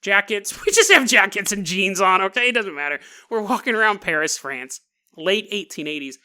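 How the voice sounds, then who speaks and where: Jokey, animated male podcast host. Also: high voice, normal speed, smooth. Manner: jokey, rambling, laughs often. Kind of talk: comedic storytelling.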